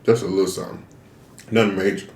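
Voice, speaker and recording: A man's voice: deep voice, fairly even intonation, fast, creaky, a little mellow, reverberant. A man chatting casually to viewers while eating, venting and asking rhetorical questions. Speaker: mukbang vlogger. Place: room, eating on camera.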